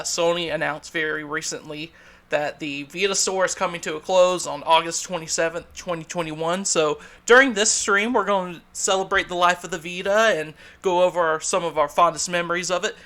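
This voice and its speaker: A man's voice: fairly high pitch, steady tone, normal speed, pushed and bright. Upbeat Southern man hosting a podcast. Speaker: podcast host. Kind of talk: casual podcast chat.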